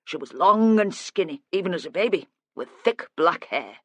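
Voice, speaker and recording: An audiobook narrator voicing a quiet, guilt-ridden older father who speaks hesitantly and plainly. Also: medium pitch, animated, moderate pace, no echo, close to an everyday voice. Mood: reminiscing. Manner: subdued, hesitant, plain-spoken.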